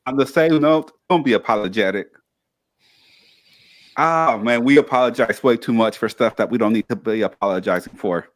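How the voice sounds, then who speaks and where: A man's voice: mid-range voice, moderate pace, dry recording. A man co-hosting a motivational podcast, upbeat and chatty, reading out viewer comments. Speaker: podcast co-host. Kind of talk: casual podcast discussion.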